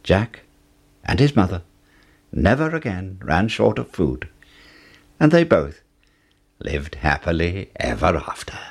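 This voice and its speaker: A man reading a fairy tale aloud in a slow, expressive, sing-song way. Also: deep voice, breathy edge. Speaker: storyteller.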